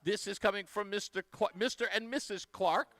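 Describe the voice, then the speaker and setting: A man's voice: sits high, steady tone, brisk, fairly bright tone, dry recording. A man hosting a live radio talk show, chatting casually and effusively thanking donors. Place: radio studio.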